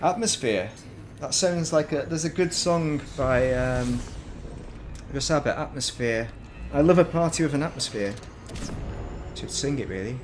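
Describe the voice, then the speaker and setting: A man's voice: medium pitch, moderate pace, background noise. A man with a Northern English accent, chatting casually while commentating his gameplay stream and wandering into rambling, self-mocking asides. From Northern England. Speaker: gaming streamer.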